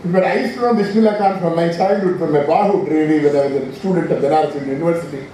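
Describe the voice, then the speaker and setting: An elderly Indian man in his eighties speaks informally at a podium, drifting from point to point and correcting himself mid-sentence. His voice sits high but sounds mellow. He is picked up from a distance in a hall with heavy echo and faint background hiss. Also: quick pace. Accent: Indian English. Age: 80s. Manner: rambling, anecdotal, frequent restarts and self-corrections. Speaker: scientist giving an inaugural address. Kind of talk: informal speech. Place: large lecture hall. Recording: very echoey hall from far off.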